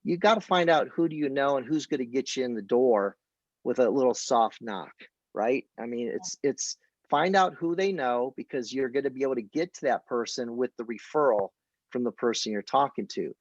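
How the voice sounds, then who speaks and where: Guy giving a casual sales training talk, lots of story bits, flat dry lo-fi sound. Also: mid-range voice, normal speed, dry recording. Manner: storytelling, quoting conversations. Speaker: business opportunity coach.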